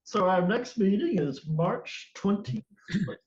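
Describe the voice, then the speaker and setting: A man's voice: high voice, lively intonation, slow, a little mellow, slight background noise. A man hosting a play reading group on a video call, easygoing and telling jokes plainly. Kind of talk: casual chat on a video call. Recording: roomy, dull video-call audio.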